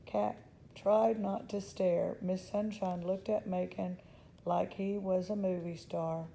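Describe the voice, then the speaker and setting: A woman reading a children's novel aloud in a gentle, unhurried storytelling voice. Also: lowish voice, steady tone, creaky, slight background noise, rough recording. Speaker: storybook reader.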